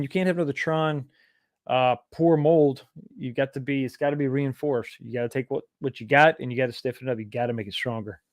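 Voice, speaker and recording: A man's voice: mid-range voice, dry recording, clean studio sound. A man from East Texas, hosting a casual livestream and rambling as he reads viewer comments aloud and answers them. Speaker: livestream host.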